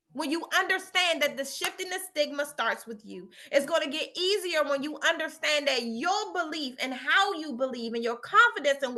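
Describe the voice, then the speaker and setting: A woman's voice: sits high, bright, forceful tone. A middle-aged woman telling a story and giving a motivational talk, with emphatic repetition and a preachy tone. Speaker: motivational speaker.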